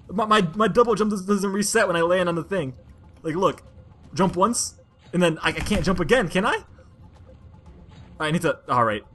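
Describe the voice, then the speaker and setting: A woman giving casual commentary over a platformer, talking to herself in frustration and bursting into loud complaints. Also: fairly low pitch, expressive, moderate pace, pauses often, breathy edge, faint music behind. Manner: exasperated, frustrated self-talk that bursts into loud outbursts. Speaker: let's play gamer.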